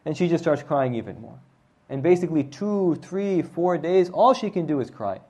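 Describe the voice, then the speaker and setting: Man, slightly high voice, conversational religious lesson, storytelling, checks in with "right?". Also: expressive, normal speed, darkish tone. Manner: conversational, often adds "right?" to check with listeners. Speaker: religious teacher.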